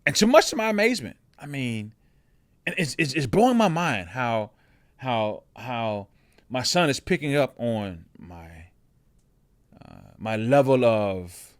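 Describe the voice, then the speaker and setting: A man's voice: medium pitch, very animated, unhurried, no room sound. Heavy-voiced man musing, dry close sound. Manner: conversational, often ends thoughts with "right?"; frequent restarts and repeated words. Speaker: podcast host. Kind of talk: reflective personal monologue.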